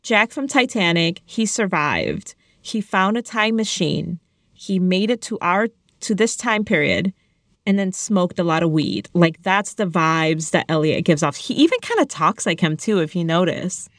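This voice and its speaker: A woman co-hosting a casual chat, recapping a movie in a blunt, animated, joking way. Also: lowish voice, a little slow, dry recording, clean studio sound. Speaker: podcast co-host.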